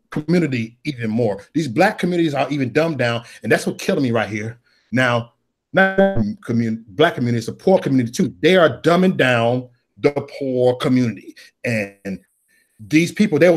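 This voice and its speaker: A middle-aged man with a drawl holds forth on a livestream. He preaches loudly, his pitch jumping all over as he drives each point home. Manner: loud, preachy, rising to shouts. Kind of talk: ranting political livestream chat.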